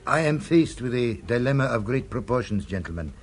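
An actor playing a suave, commanding restaurant owner who speaks formally and politely in a radio play. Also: male voice, mid-range voice, expressive, fairly quick. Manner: smooth, formal, polite but stern.

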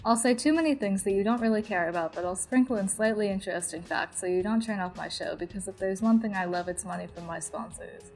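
A woman's voice: mid-range voice, fast, few pauses, a little mellow, soft background music, poor audio. A woman parodying a self-absorbed podcast host in a sarcastic comedy monologue.

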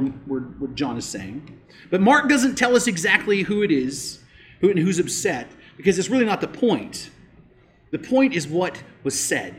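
Guy preaching a sermon, pretty high voice, gets emphatic then goes low and slow. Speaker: pastor.

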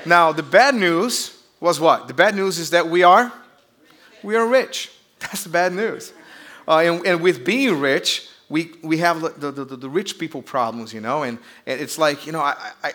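Brief: Brazilian-accented male pastor, bright, fairly high voice, jokey sermon delivery. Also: moderate pace. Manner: chatty, joking storyteller with audience call-outs.

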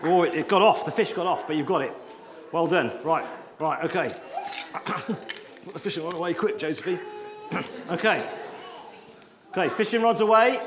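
A man's voice: sits high, fairly bright tone, slight background noise. Jokey man leading a church children's talk. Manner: jokey, self-deprecating, coaxing children. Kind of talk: lively all-age church talk with props. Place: large church hall. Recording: echoey church hall with congregation.

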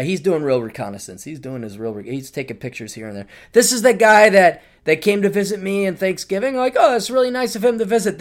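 A middle-aged man hosting a podcast, telling travel stories in a loose, rambling way and laughing as he goes. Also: high-pitched. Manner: rambling, animated storytelling with laughter. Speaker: podcast host. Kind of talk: casual monologue.

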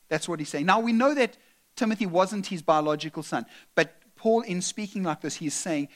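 A man preaching a sermon as pastor, earnest and emphatic, at times dropping to a soft, tender delivery. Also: high-pitched, normal speed.

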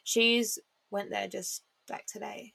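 A woman's voice: medium pitch, little pitch movement, takes it slowly, gravelly, sharp tone, no echo. A woman, co-hosting a podcast in casual chat and telling stories animatedly with a lot of fillers and casual swearing. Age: 20s. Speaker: podcast co-host.

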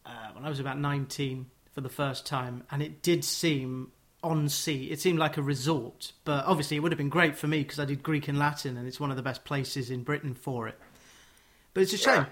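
A male radio host with a slightly high voice, chatting with his guest. He is playful and wordy, full of quick asides. The tone is light and conversational. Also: steady tone, a bit bright. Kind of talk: chatty interview.

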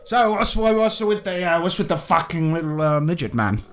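A man's voice: fairly high pitch, sing-song, moderate pace, slight background noise, pitched above the performer's own voice. A man voicing a blustering, foul-mouthed male explorer and zoo owner who stammers and swears constantly, in a tabletop game. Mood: belligerent.

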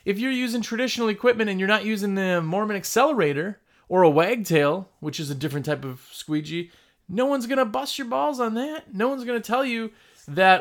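A man's voice: high voice, a little fast. A man hosting a casual video about his trade, talking bluntly and emphatically, often repeating himself. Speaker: window cleaning business owner and video host. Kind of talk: casual vlog talk.

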